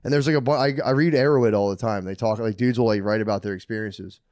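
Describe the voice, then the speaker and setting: A man co-hosting a podcast in casual chat, telling animated stories and acting out quotes with sudden yelps. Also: on the low side, quick pace, no room sound, clean studio sound. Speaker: podcast co-host.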